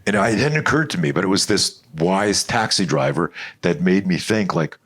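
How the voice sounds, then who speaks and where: Deep-voiced middle-aged man, rambling animated storyteller, lots of restarts and swearing. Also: normal speed. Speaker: self-defense expert guest. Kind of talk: storytelling interview talk.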